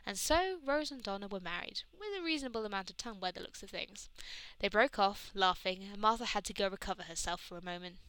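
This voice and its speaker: A woman reading fan fiction aloud, lively and expressive. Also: medium pitch, fast, clean tone, low-quality recording. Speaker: reader.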